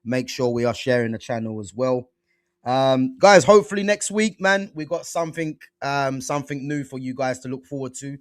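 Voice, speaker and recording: A man hosting a casual football chat show, animated and slangy, full of fillers and restarts. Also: medium pitch, normal speed, no echo, clean studio sound. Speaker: football podcast host.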